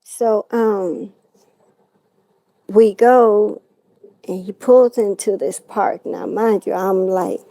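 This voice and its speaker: A woman's voice: medium pitch, steady tone, slow pace, long pauses, mellow, no echo. A woman telling a distressing personal story as a talk-show guest, acting out what others said.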